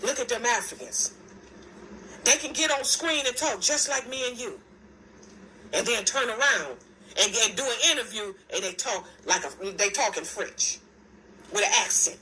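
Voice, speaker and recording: A woman holds forth in a casual monologue to her viewers, with a bright, forceful voice. She speaks emphatically, circles back over the same points and keeps pointing things out. A faint noise sits behind her. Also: on the high side, lively intonation, normal speed, poor audio. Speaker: video commentator.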